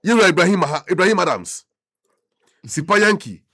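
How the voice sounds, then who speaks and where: A man's voice: high-pitched, big pitch swings, normal speed, bright, forceful tone, no room sound, studio quality. A man with a Ghanaian accent giving impassioned political commentary as a radio talk show host, mixing Twi and English. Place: radio studio.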